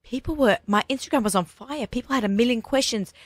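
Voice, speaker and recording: A woman's voice: a little high, dry recording. A woman from Australia with an Australian accent, hosting a radio chat show in a chatty, enthusiastic way. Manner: chatty, enthusiastic, quick restarts. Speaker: show host. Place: radio studio.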